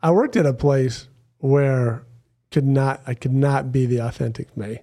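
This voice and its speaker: Gravelly husky man podcast guest. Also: medium pitch, a little slow, dark tone. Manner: upbeat, jokey, quotes other people. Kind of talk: casual podcast chat. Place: podcast studio. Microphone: studio headphones and mic.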